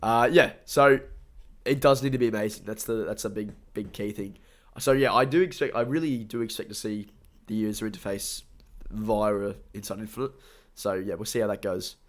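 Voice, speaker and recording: A man's voice: lowish voice, normal speed. Chatty stuffy-nosed Australian man. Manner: rambling, chatty, upbeat, thanks viewers often. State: stuffy nose. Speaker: streamer. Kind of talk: casual live-stream chat.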